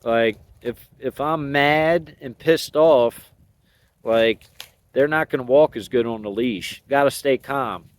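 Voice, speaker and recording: A man's voice: medium pitch, slow pace. A man talking casually outdoors about training his dogs, in a laid-back, rambling, folksy way with plenty of slang. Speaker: dog owner sharing training thoughts. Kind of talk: casual outdoor vlog talk.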